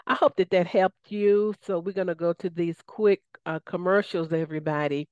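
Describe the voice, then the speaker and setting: A woman's voice: lowish voice, fairly even intonation, normal speed, darkish tone, no echo, dull audio. A woman with a Southern US accent hosting a radio talk show, enthusiastic and folksy, often calling out to her listeners.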